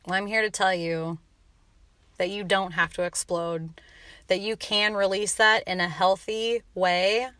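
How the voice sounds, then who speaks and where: A woman's voice: mid-range voice, steady tone, unhurried, fairly bright tone, no echo. A woman hosting a motivational podcast, talking in a passionate, blunt rant with some swearing. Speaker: podcast host and coach.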